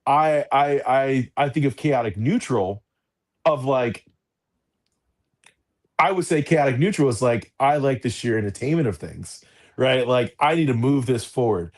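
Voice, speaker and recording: A man's voice: mid-range voice, expressive, measured pace. A man co-hosting a casual podcast chat, talking in a rambling way full of filler words. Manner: rambling, heavy use of fillers like "like" and "you know". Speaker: podcast co-host.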